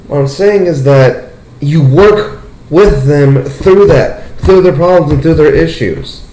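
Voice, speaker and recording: A young man hosting a casual podcast chat, telling a story with lots of "like" and "dude" and jumping up in pitch when he gets excited. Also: slow pace. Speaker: podcast host. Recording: roomy echo.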